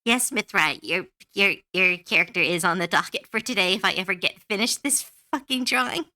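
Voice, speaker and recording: A woman's voice: mid-range voice, a little fast, bright, forceful tone, no room sound, clean studio sound. A woman streamer chatting casually while she draws, ranting heatedly and swearing freely. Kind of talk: casual livestream chat while drawing. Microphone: close to a desk mic.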